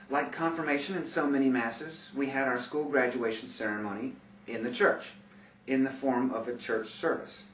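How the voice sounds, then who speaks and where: A man's voice: medium pitch, fairly bright tone, echoey room, far from the mic, a little hiss or hum, rough recording. Sardonic man reading his memoir. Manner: sardonic, bitter asides with laughs. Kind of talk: audiobook memoir narration.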